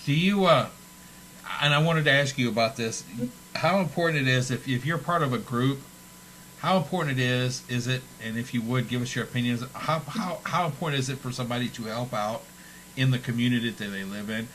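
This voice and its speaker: A man of middle pitch hosting a casual talk show, restarting and repeating himself as he builds a question. Faint background noise sits under his voice. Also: a little fast, fairly bright tone, rough recording. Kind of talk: casual interview.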